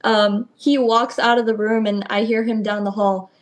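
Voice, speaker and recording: Young female wrestler guest, video call interview, animated storyteller. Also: a little high, normal speed. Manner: lively storytelling, acts out quotes. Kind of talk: casual interview.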